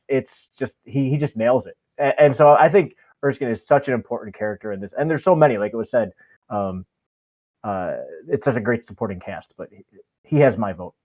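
A man's voice: medium pitch, moderate pace. Man on a tinny phone-like line. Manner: rambling, enthusiastic, many fillers. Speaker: podcast co-host. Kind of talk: casual podcast chat.

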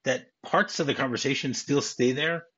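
A man's voice: mid-range voice, moderate pace, a bit bright, husky. A man from Michigan hosting a movie podcast, retelling scenes casually and reading script lines aloud. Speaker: podcast host. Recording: dull muffled audio.

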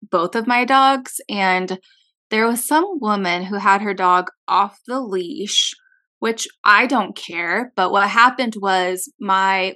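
Female co-host, bright and brassy, heated profane storyteller, casual podcast chat. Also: medium pitch. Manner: heated storyteller, swears, quick reactions.

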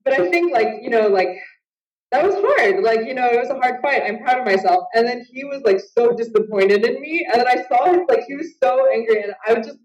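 A woman's voice: a little high, expressive, fairly quick, a little mellow, highs cut off. Chatty woman on a roomy, distant call. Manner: chatty, heavy use of filler "like". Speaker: guest, Muay Thai fighter. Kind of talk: casual interview chat. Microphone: video call.

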